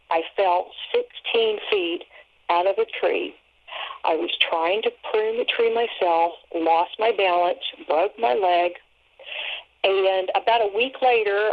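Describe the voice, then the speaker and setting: A woman's voice: medium pitch, creaky. A middle-aged woman, a guest author on a radio interview, giving an earnest testimony of faith. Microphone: telephone. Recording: tinny phone line.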